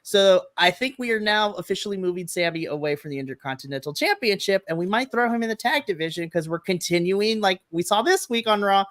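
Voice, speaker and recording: A woman co-hosting a live wrestling podcast, chatting casually, laughing often and acting out quotes in a flat deadpan voice. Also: medium pitch, fast talker, few pauses, no echo, studio quality. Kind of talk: casual chat recapping wrestling. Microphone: streaming microphone, remote setup.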